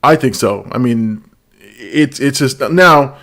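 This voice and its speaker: A man's voice: mid-range voice, slow, fairly bright tone. A middle-aged man hosting a casual pop culture chat, talking with many restarts and small laughs. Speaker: podcast host.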